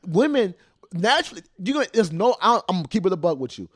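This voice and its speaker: High-voiced profane man telling stories. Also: fast, no room sound, clean studio sound. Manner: profane, animated storytelling. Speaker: podcast co-host. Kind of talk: casual chat.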